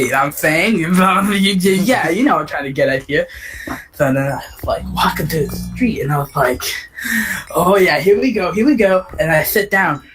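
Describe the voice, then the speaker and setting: A man's voice: fairly high pitch, fairly bright tone, poor audio. A man telling an improvised comic story, rambling with crude jokes and stammering restarts.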